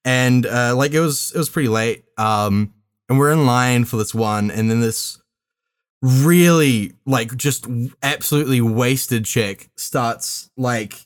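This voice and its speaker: A young man rambles through an anecdote for his podcast friends, stumbling over restarts and fillers. His voice sits at an ordinary middle pitch and keeps a loose, chatty pace. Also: slow pace, smooth. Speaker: podcast regular. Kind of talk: casual storytelling among friends.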